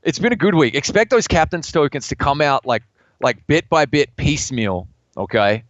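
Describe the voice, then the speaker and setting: An excitable Australian man chats as a podcast co-host, doubling up his words as he goes. His voice sits fairly high and swings widely in pitch. The recording is dry and a little dull, as if lo-fi. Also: moderate pace, no room sound. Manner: excitable, repeats words, animated. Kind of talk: casual gaming podcast chat.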